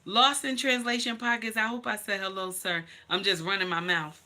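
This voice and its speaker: A woman hosting a livestream talks straight to her viewers about her own life. Her voice is sharp and very bright, at a middle pitch for a woman. She tells it bluntly and with emphasis, with plenty of swearing and a steady "honey" for the listener. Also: moderate pace. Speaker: livestream host. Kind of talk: personal storytelling to viewers.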